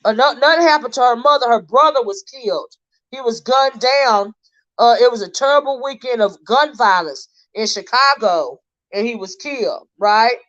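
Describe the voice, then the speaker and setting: Speaking straight to her audience, a woman comments casually on a crime case during a livestream, halting and restarting while reading posts out loud. Her voice is on the high side with a fairly bright tone, and the stream audio is slightly dull and lo-fi.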